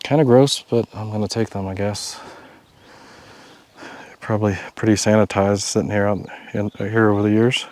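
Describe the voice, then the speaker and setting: A man narrating a casual outdoor travel vlog, joking to himself while he explores a lake and drives a rough road. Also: fairly low pitch, steady tone, normal speed, pauses often, darkish tone. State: out of breath at altitude. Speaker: travel vlogger. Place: outdoors by a mountain lake and in a vehicle.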